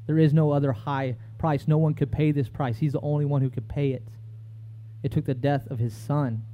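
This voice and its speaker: A man's voice: mid-range voice, lo-fi sound. A man preaching a sermon in a conversational way, reading scripture aloud between his own remarks.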